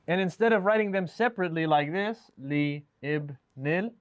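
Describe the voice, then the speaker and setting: Talking fast in a high-sitting voice, a man leads an Arabic lesson by video call, patiently asking students questions and correcting them. He mixes English with Arabic grammar terms, and the sound is lo-fi.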